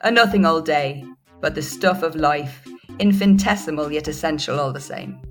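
A woman's voice: low voice, normal speed, faint music behind, lightly acted. A woman reading a passage as a rambling, lyrical Irish narrator, using a put-on Irish accent and savouring each image.

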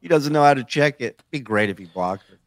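A man's voice: mid-range voice, expressive, a little fast, dry recording. A man hosting a podcast, joking crudely and laughing often with his co-hosts. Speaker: podcast host. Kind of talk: casual crude banter.

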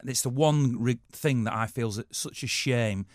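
A man's voice: mid-range voice, unhurried, dry recording, studio quality. A man interviewing a guest, chatty and encouraging as he prompts him for stories. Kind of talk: casual interview.

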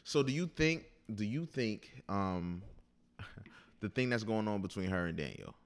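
A man co-hosting a casual chat, slangy and animated, often acting out quotes. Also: lowish voice, measured pace. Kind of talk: casual chat about a TV show.

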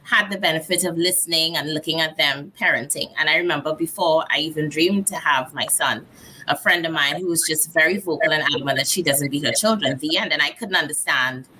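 A woman's voice: on the low side, a little hiss or hum, rough recording. A woman in her thirties from Trinidad and Tobago with a Trinidadian accent, speaking candidly and reflectively as a guest in a casual conversation. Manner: candid, reflective, animated storyteller.

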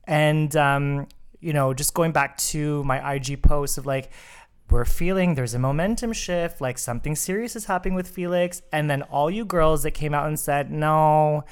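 A man's voice: on the high side, moderate pace, smooth. Sassy, emphatic male podcast co-host. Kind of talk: casual chat.

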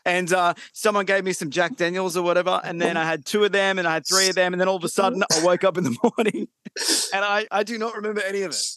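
A man hosting a podcast interview, easygoing and quick to laugh along with his guest. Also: sits high, steady tone, a bit bright, dry recording. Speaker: podcast host.

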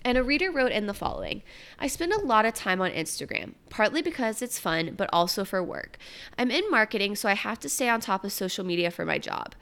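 A woman's voice: mid-range voice, big pitch swings, brisk, vocal fry, a bit bright. A young woman hosting a casual solo podcast, chatting breezily through news articles with jokey asides. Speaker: podcast host.

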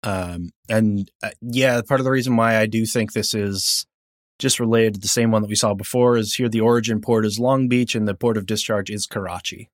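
A man's voice: on the low side, steady tone, a little fast, no echo, studio quality. A man co-hosting a podcast, chatting casually and joking about a film. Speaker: podcast co-host.

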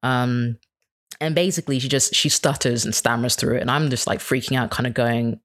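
A woman's voice: very deep voice, fairly even intonation, a little fast. A woman speaking as an interview guest in casual chat, candid and rambling, often restarting her sentences.

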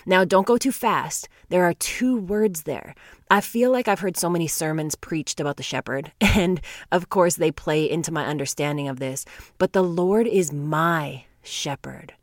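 A woman teaching on scripture in a devotional talk to her viewers, earnest and emphatic, slowing down to stress key words and laughing lightly between points. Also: fairly low pitch, no room sound, studio quality. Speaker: Bible teacher.

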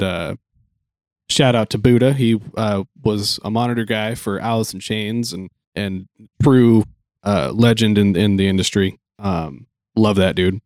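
A man's voice: on the low side, no echo, clean studio sound. A man telling a long work anecdote in casual chat, acting out the people he quotes. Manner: animated, acts out quoted dialogue. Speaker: guest telling a story. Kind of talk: casual storytelling.

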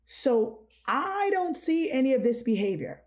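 A woman's voice: high voice, very animated, measured pace, darkish tone. A middle-aged woman hosting a podcast, telling a childhood story candidly and acting out the quotes. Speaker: podcast host. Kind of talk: casual storytelling chat.

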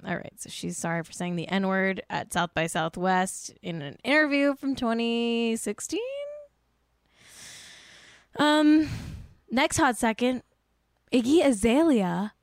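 A woman's voice: mid-range voice, animated, normal speed, dry recording. Chatty sarcastic woman host, dry sound. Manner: chatty, sarcastic, with laughs and asides. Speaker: host of a celebrity news stream. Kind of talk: casual chat reading news.

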